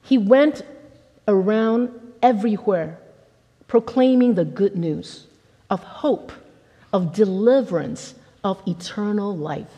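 A woman pastor preaching a conversational, animated sermon and acting out the people in her stories. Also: medium pitch, slow, in a large hall. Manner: conversational, animated, acts out quotes.

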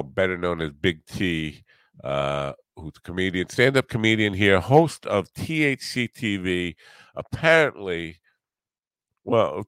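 An older man hosting a podcast in casual, rambling chat, halting often and joking at his own expense. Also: low-pitched, gravelly, fairly bright tone, no room sound. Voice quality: rambling, halting, self-deprecating. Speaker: podcast host.

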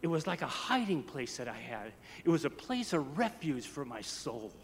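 A man from the United States preaching a storytelling sermon, swinging from soft to loud. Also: a little high, sing-song, moderate pace, big-room sound. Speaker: pastor.

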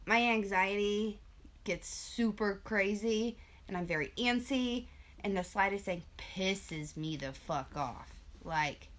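Animated, foul-mouthed young woman storyteller. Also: mid-range voice. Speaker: podcast co-host. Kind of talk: casual chat.

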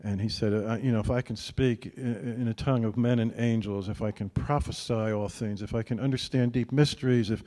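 A man's voice: medium pitch, steady tone, brisk, hardly any pauses, dark tone. Preaching man in a reverberant hall. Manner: conversational preaching, often asks "right?". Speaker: pastor. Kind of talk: sermon.

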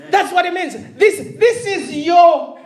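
A woman from Africa preaching a sermon, animated and laughing, often asking the congregation if they follow her. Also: extremely high pitch, unhurried, roomy sound, a crowd in the background.

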